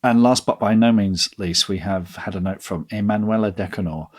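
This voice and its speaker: A man's voice: fairly low pitch, normal speed. Man, middle-aged, podcast co-host, dry and understated. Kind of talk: casual podcast chat.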